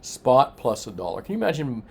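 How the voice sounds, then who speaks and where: A man's voice: medium pitch, very animated, fairly quick, vocal fry, breathy edge. A man hosting a casual evening price report from his coin shop, chatting loosely with lots of filler and answering viewer comments. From Florida. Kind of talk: casual evening livestream chat.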